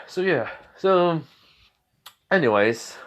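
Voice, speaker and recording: A man's voice: a little high, expressive, very slow, fairly bright tone. A man casually retelling a fan story, rambling with many fillers and restarts.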